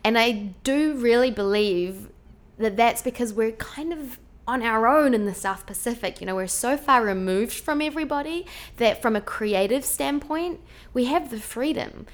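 A woman from New Zealand with a New Zealand accent, a guest chatting casually in an interview and laughing often. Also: on the high side.

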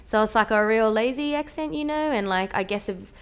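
A woman's voice: on the high side, lively intonation, fairly quick, clear, resonant tone. A woman from New Zealand with a New Zealand accent, a guest chatting casually in an interview and laughing often.

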